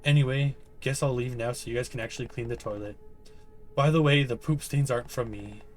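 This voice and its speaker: Shy sorry-sounding kid, read by a guy, slowish. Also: mid-range voice, fairly even intonation, soft background music, lightly acted. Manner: soft, apologetic, rambling. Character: timid, upset young boy patient.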